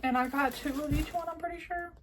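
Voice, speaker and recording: A woman's voice: high-pitched, fast talker, a bit bright, a little hiss or hum. A woman with a Southern country accent, showing off a yarn haul in a rambling, casual way with lots of fillers and some near-whispered asides. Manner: chatty, rambling, many "like" fillers, drops to a near-whisper at times. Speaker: crafting vlogger. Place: home, indoors.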